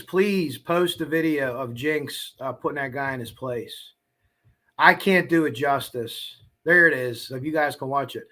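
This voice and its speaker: A man hosting a casual true crime livestream, rambling through asides and tangents, frank and profane, clearing his throat now and then. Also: a little high, sharp tone. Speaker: true crime channel host.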